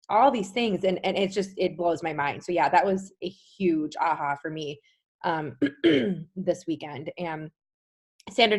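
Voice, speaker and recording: A woman in her thirties hosting a group video call, recapping a weekend event in a chatty, enthusiastic way with lots of "like.". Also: medium pitch. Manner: chatty, says "like" often, warm enthusiasm. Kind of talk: casual recap talk.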